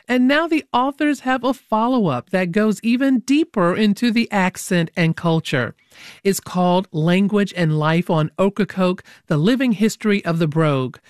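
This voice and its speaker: A woman's voice: mid-range voice, no echo. A woman hosting a public radio interview show in a studio, teasing her guests in a playful way.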